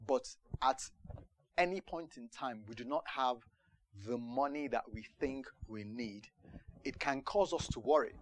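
A man preaching a sermon, telling a personal story in an animated way, laughing at times and acting out the quotes. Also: mid-range voice, a little hiss or hum.

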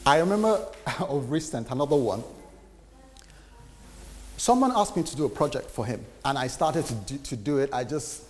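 Animated male preacher in a reverberant hall. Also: mid-range voice. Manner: animated, acts out quoted dialogue. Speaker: preacher giving a testimony. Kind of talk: sermon storytelling.

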